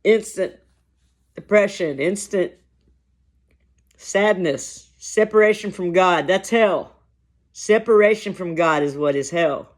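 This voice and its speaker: A man vlogging to camera over lunch, talking in a slow, reflective, halting way with long pauses. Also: high voice. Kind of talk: casual talk to camera while eating lunch.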